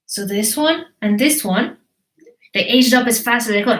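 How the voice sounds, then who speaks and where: A woman teacher reading a picture book live to children, animated and encouraging, asking questions as she goes. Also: on the high side, moderate pace, roomy sound. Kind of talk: live storytelling for kids.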